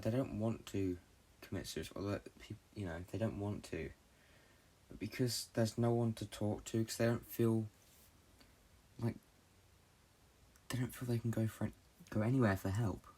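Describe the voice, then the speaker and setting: A young man from Britain hosting a solo podcast, talking in a halting, low-key, confessional way and swearing often. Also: mellow, breathy edge. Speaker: podcast host. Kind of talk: rambling solo podcast monologue.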